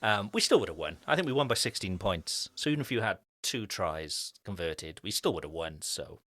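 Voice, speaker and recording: A man's voice: deep voice, big pitch swings, a little fast, bright, forceful tone, no echo, clean studio sound. A man co-hosting a casual podcast, adding wry, chuckling remarks. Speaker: podcast co-host.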